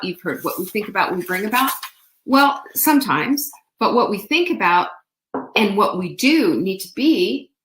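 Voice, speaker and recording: Chatty woman host in an echoey room. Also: a little high. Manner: chatty, animated, laughs often, playful asides. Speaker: show host. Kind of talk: casual storytelling monologue. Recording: roomy echo.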